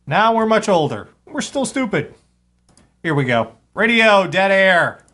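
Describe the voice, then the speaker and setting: A man's voice: high-pitched, sing-song, measured pace. A man hosting a live radio show, chatting casually and now and then cooing to his cat. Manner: chatty, talks to his cat in a soft baby voice.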